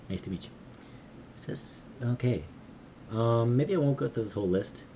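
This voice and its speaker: A man recording himself while learning Korean, thinking aloud and repeating phrases slowly in a casual way. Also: mid-range voice, dark tone, a little hiss or hum. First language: English.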